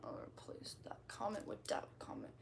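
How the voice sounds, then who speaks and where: A young woman whispers at a normal speed while chatting casually on a livestream. She reads out comments and reacts to them bluntly, with profanity and a lot of rambling.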